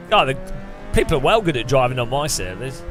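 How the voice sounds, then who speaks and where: A man with an English accent chatting casually to his stream while racing, rambling, with quick outbursts at other drivers. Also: medium pitch, sing-song, background noise. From England. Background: music.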